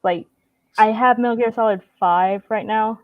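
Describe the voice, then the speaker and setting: A woman guest on a livestream talk show, chatting casually and relaxed, with lots of "like" and "you know" fillers. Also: a little high, moderate pace, no room sound, phone-quality sound. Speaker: guest streamer. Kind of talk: casual chat.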